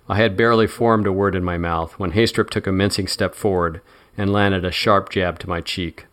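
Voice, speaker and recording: A man giving a measured, wry first-person audiobook narration. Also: sits low.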